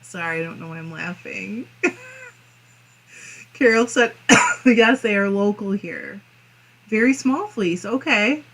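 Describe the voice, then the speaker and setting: A woman hosts a relaxed crafting livestream, reading out viewer comments one by one. She talks at an unhurried pace in a middle-pitched voice. Her talk is giggly, and she often breaks into laughter and coughs between comments. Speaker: fiber arts channel host.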